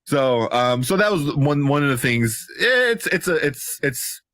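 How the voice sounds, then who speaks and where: A man's voice: on the high side, very animated, unhurried, a bit bright, dry recording. A man co-hosting a casual movie review show, talking animatedly and laughing, often mimicking characters in playful voices. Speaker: podcast co-host.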